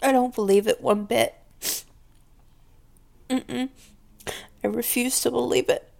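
A possessive, volatile mistress, played by a woman in an audio role-play, speaking straight to the listener. She talks slowly and deliberately, domineering and scornful, and slips now and then into hushed whispers. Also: fairly high pitch, steady tone, creaky, exaggerated voice. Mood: pleading, hurt. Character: possessive, volatile woman scolding her pet.

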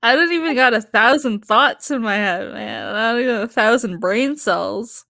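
A woman's voice: fairly high pitch, a little slow, vocal fry, sharp tone, no room sound, studio quality. A tipsy woman chatting casually, giggling often and swearing freely. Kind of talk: casual chat.

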